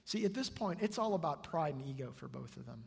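A male pastor preaching a sermon with earnest swings between soft and loud delivery, in a church sanctuary. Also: a little high, expressive, a little fast, creaky, slightly rough. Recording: long hall reverb.

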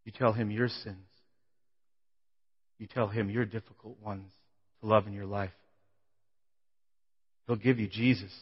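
A man preaching, telling his own story with emotion, his voice swelling loud and falling to a hush. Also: fairly even intonation, unhurried, long pauses, slightly rough. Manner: emotional testimony, voice swelling then dropping low. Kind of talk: sermon. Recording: dull sound in a big reverberant hall.

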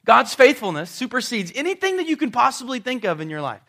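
A man preaching a sermon to a congregation, telling the story dramatically and dropping suddenly to a soft voice. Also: very high-pitched, big pitch swings, fast talker, few pauses. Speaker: pastor. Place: church service before a congregation.

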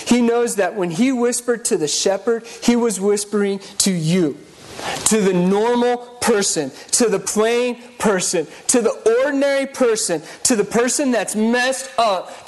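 High-voiced man preaching a lively sermon. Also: slight background noise, rough recording. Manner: lively, conversational preaching with acted-out inner monologues.

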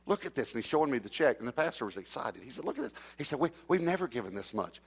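A middle-aged man preaching, telling a personal story and acting out the dialogue, sometimes dropping to a hush. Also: medium pitch, big pitch swings, rapid-fire, vocal fry, slightly rough. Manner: anecdotal, acts out dialogue, drops to a hush for suspense. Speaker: traveling preacher. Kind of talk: storytelling sermon.

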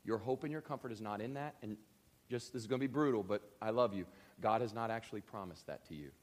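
A man preaching a sermon, speaking earnestly and directly to his congregation and building to emphatic, animated bursts. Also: on the low side, fast.

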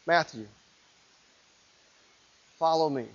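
A man voicing a calm, gentle male spiritual teacher who speaks softly and invitingly, in a dull lo-fi recording. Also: on the high side, slow pace. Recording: dull lo-fi sound.

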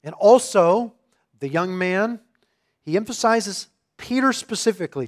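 A man preaching an expository sermon, reading scripture and growing emphatic and louder on key phrases. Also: sits high, animated, a little slow.

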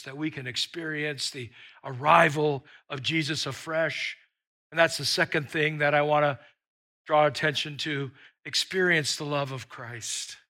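Brief: emphatic male pastor with a high, ringing voice, preaching. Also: pushed and bright. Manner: emphatic, repeats words for stress. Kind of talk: sermon. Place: church with an online audience.

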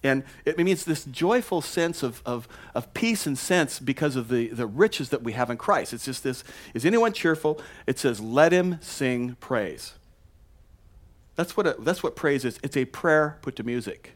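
A man preaching in a church, speaking in a loose, conversational way. He asks his listeners questions, stumbles and restarts often, and sometimes rises sharply in pitch and loudness when he gets excited. His voice sits at an ordinary middle pitch. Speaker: pastor. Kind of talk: sermon.

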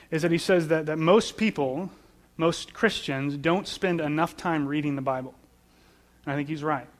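A man preaching a sermon, earnest and explanatory, often repeating words as he builds each point. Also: a little high. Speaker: pastor.

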